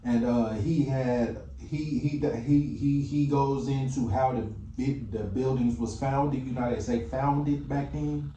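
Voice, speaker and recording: Mellow-voiced guy rambling on his vlog, trips over words, far from the mic, echoey, faint hiss. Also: mid-range voice, fairly even intonation, a little slow, few pauses, highs cut off. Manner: rambling, stumbles and restarts. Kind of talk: casual vlog talk. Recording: roomy, distant mic with faint hum.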